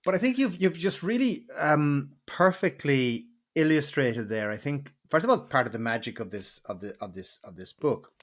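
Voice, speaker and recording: A man's voice: medium pitch, animated, normal speed, hardly any pauses. Rambling male podcast host. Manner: rambling, repeats words while searching for phrasing. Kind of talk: conversational interview.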